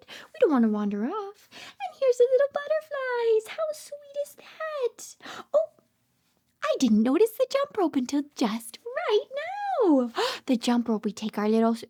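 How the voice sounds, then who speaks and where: A woman speech therapist reading a picture book aloud to toddlers, sing-song and full of delighted gasps, sometimes dropping to soft whispers. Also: high voice.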